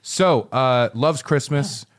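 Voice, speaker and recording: A man co-hosting a podcast, rambling through a story pitch in casual chat and briefly acting out the characters' lines. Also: slow pace.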